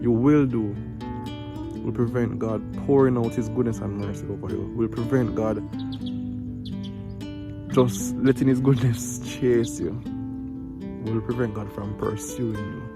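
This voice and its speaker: A man's voice: mid-range voice, fairly even intonation, unhurried, long pauses, rough recording. A middle-aged Jamaican man hosting a family vlog, speaking in a heartfelt, preachy way and stumbling over repeated words. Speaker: vlog host, father. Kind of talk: casual vlog with a devotional message. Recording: guitar music playing behind him.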